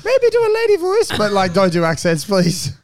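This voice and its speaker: A man's voice: high voice, wildly swooping pitch, normal speed, no echo, clean studio sound. An Australian man co-hosting a podcast who teases and heckles the others playfully. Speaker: podcast co-host. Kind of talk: casual chat.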